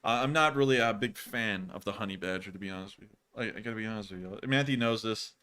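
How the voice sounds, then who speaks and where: An American man hosting a livestream, chatting casually and rambling, with frequent restarts and bursts of excitement. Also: on the low side, quick pace, smooth. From United States. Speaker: livestream host.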